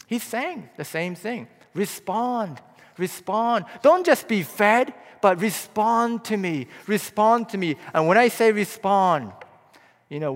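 A man preaching a sermon as pastor, impassioned, swinging between hushed, low passages and loud, rising appeals. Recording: long hall reverb.

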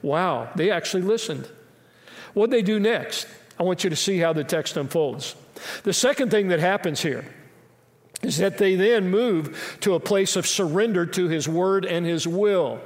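A high-pitched male pastor delivers a sermon in a church sanctuary, and his voice trails off into a long hall reverb. He is emphatic, asks many rhetorical questions and slips in jokes along the way. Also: animated, moderate pace.

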